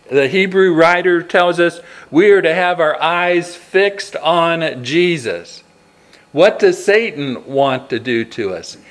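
A man's voice: a little high, fairly bright tone. A man preaching a sermon, reading scripture and asking earnest rhetorical questions, with frequent restarts.

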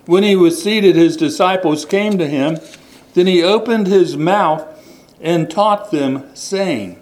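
Male preacher, higher-pitched, unhurried sermon delivery with emphatic repetition. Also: darkish tone, low-quality recording. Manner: deliberate, stresses words and repeats them. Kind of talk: sermon with scripture reading.

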